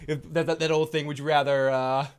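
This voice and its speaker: A young man hosts a live stream, rambling loosely and swearing freely as he reads out viewer questions. His voice sits a little high, and he breaks into scatted drum sounds now and then. He talks into a desk microphone. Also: little pitch movement, a little fast, smooth. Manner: loose, rambling and profane, with scat drum noises. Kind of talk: casual live-stream chat.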